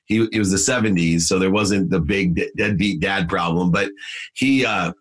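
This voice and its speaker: A man's voice: deep voice, moderate pace, rough recording. A middle-aged man, a podcast guest, telling a personal story with emphasis, frequent fillers and restarts, and a voice that climbs when he relives key moments.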